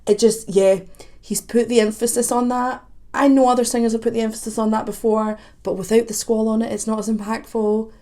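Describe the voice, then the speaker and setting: A woman commenting on a song as a vocal coach, chatty and analytical, with quick asides. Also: fairly high pitch, level tone, dark tone. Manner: analytical, breaks off to sing snippets. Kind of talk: reaction video commentary.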